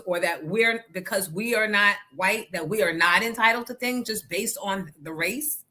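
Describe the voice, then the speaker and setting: Outspoken NJ woman, livestream host, bright and forceful delivery. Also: mid-range voice. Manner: outspoken, talks back to the chat. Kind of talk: casual livestream chat.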